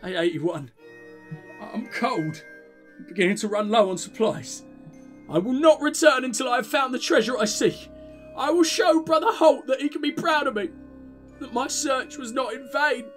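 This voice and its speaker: A man's voice: very high-pitched, moderate pace, fairly bright tone, faint music behind. A man voicing a humble young male monk reading his diary aloud, weary and earnest.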